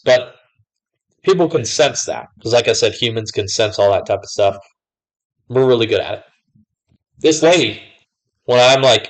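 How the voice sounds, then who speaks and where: A young man with a mid-range voice vlogs casually to camera, rambling about what's happened lately. He's full of fillers like "like" and "whatever." The recording quality is low.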